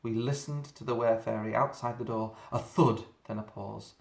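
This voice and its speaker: Guy reading a creepy kids story, drawn-out and dramatic, echoey room. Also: fairly low pitch, fairly even intonation, creaky. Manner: dramatic, slowing down for suspense. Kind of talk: reading a children's story aloud. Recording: roomy echo.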